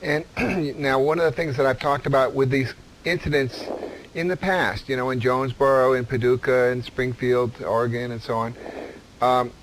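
A man hosting a radio interview, asking probing, halting questions. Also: medium pitch, fairly even intonation, a little hiss or hum, poor audio.

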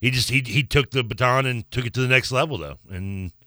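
Bright-voiced joking male radio co-host. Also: medium pitch, brisk, no room sound, studio quality. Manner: joking, self-mocking banter. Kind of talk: casual sports talk. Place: radio studio.

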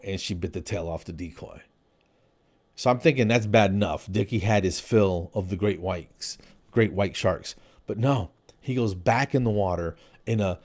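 Man, comedian, podcast host, casual storytelling, animated, rambling, slightly low voice. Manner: animated, rambling, jumps into playful voices for quoted people. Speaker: comedian hosting his own podcast.

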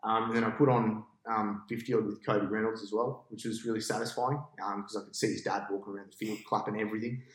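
A cricket captain telling a long match story on a podcast, in a casual, animated way and with an Australian accent. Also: male voice, on the low side, fast talker, hardly any pauses, roomy sound, low-quality recording. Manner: animated storyteller, acts out his own past thoughts.

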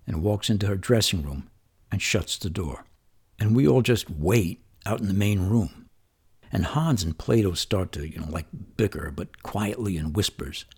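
A man's voice: on the low side, darkish tone. A man from New York telling a personal childhood story in a conversational, wry and vivid way. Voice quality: gravelly and husky. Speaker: memoir storyteller.

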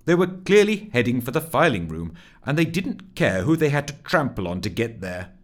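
A man narrating a comic story as an audiobook, with expressive storytelling. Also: mid-range voice, brisk.

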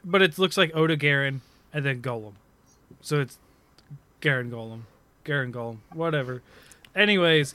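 A man with a bright, forward voice and a fairly high pitch talks loosely in a casual gaming chat, circling back and correcting himself and laughing often. The sound is dry and close, with no room around it. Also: animated, moderate pace, pauses often, dry recording. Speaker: podcast co-host.

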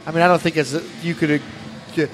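A man's voice: a little high, little pitch movement, fast talker, soft background music. A man co-hosting a casual soccer talk show, chatty and argumentative, with lots of "you know.". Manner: chatty, fills with "you know" and restarts, argues points. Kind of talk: casual sports chat.

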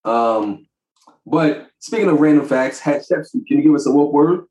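A man co-hosting a podcast, telling stories about his kids in a casual, animated way and laughing often. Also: a little high, moderate pace, roomy sound, muffled recording. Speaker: podcast co-host. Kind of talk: casual chat.

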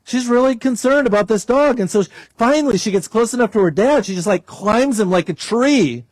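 A man's voice: animated, brisk, a little mellow, no echo. A man preaching a sermon as pastor, leading a prayer and telling a story to his congregation. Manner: storytelling, prays aloud, varies pitch for emphasis.

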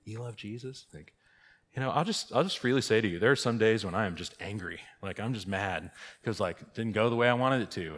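A middle-aged man, a pastor, giving a conversational catechesis talk, checking in often with "okay?" and "right?". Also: fairly low pitch. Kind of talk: catechesis teaching. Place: church hall. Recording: long reverb of a large hall.

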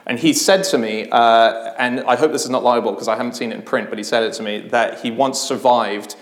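A man in a live podcast interview, telling anecdotes in an animated way and often breaking into laughter. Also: mid-range voice, a little fast. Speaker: podcast guest. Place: live podcast stage in a theatre venue. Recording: roomy live venue with faint noise.

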